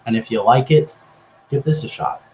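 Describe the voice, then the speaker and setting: A man co-hosting a casual comics chat, relaxed, with dry teasing. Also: mid-range voice, moderate pace. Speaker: podcast co-host. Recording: dull lo-fi sound with faint noise.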